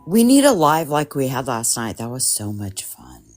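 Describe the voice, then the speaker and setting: A woman's voice: very deep voice, sing-song, moderate pace, a little mellow, faint music behind. A woman joining a livestream to check on a friend, affectionate and comforting. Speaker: livestream guest. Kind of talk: casual chat.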